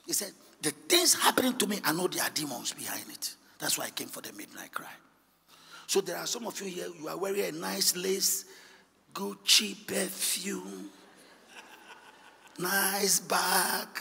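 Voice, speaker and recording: Pastor shouting from the pulpit. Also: male voice, creaky, husky. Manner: swings from hushed low asides to shouted, sing-song preaching. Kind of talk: sermon. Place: large church hall. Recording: long echoing church hall reverb.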